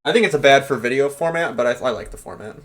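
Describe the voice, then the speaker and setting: A man's voice: medium pitch, fast, fairly bright tone. A man hosting a casual podcast chat, joking and laughing often. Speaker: podcast host.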